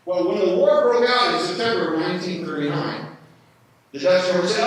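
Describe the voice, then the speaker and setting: A man's voice: high voice, a little fast. Man lecturing in an echoey room. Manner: animated, asks the audience questions. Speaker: history speaker at a workshop. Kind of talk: live lecture to an audience. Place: indoor event room with audience. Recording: echoey room from far off, faint noise.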